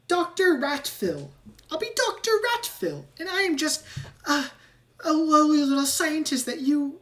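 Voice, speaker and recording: A woman voicing an eccentric, shady male rat scientist who squeaks and clings to his new friend. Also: distant mic, exaggerated voice. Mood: chummy. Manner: squeaky, ends lines with squeak squeak.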